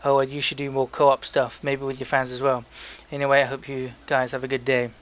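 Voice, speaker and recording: A man's voice: medium pitch, completely flat delivery, a little fast. A young man co-hosting a casual podcast, reading listener emails aloud in a joking, loose way with frequent stumbles. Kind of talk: casual chat.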